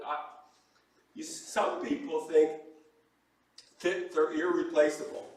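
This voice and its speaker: A man preaching a sermon as pastor, telling the story with lively acted-out voices for the people in it. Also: a little high, measured pace, long pauses, very echoey, far from the mic, rough recording. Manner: animated storytelling, acting out quoted voices. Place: church sanctuary.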